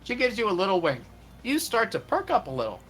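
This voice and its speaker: Streamer reading game narration out loud, bright voice, really animated delivery. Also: mid-range voice, fast talker, slightly rough, faint music behind.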